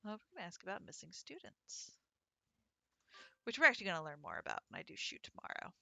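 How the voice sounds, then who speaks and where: This woman streams a visual novel, reading its text aloud and chatting between lines in a chatty let's-play style. Her lowish voice swings hugely in pitch, moves quickly, and carries vocal fry with a bright, forceful tone. There's no echo.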